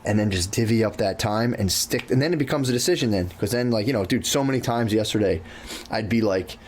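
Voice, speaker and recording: A man's voice: lowish voice, brisk, a little hiss or hum. A man co-hosting a podcast in loose casual chat, swearing freely, saying "dude" often and acting out his own thoughts. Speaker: podcast co-host.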